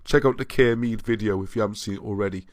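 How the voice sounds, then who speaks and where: In a lowish voice and at a fast clip, a man runs a livestream where he reads out comments from viewers. He tends to ramble and restart sentences, and the sound is dry.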